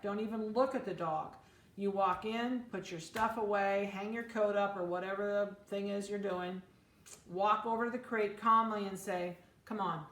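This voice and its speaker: Plainspoken woman breeder in an echoey room. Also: medium pitch. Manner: plainspoken, practical, chatty with fillers. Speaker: dog breeder. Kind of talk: casual instructional talk.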